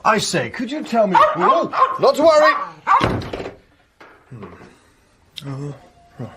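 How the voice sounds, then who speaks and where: Flustered posh young gent, lively swoopy voice, noisy radio comedy. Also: male voice, extremely high pitch, slow, full character voice. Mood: chatty. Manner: flustered, exclamatory, chatty. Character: affable, flustered young male English gentleman. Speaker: bumbling young gentleman.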